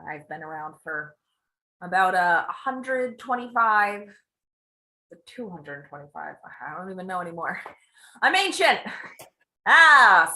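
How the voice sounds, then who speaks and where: A woman playing an ancient, lonely swamp witch in an improv comedy sketch on a video call, with wild swoops in pitch and volume. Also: full character voice, rough recording. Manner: swoops wildly in pitch and loudness, stretches words.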